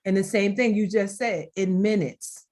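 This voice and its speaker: A middle-aged woman shares personal stories over a video call. She speaks expressively and warmly in tone, with a mid-range voice, and she often breaks into laughter. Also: mid-range voice, moderate pace. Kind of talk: heartfelt conversational storytelling.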